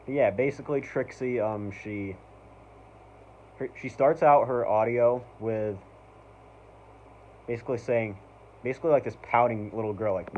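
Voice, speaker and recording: A man hosts a casual review vlog, rambling as an enthusiastic fan and leaning heavily on "like," "um" and "basically." His medium-pitched voice is a little mellow, at a moderate pace with frequent pauses, and the dull lo-fi recording carries a bit of hiss or hum.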